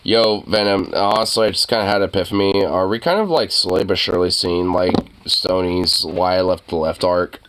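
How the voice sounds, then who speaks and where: A man hosting a casual chat, reacting to a news clip with excited, profane rants. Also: sits low, a little fast, few pauses, background noise.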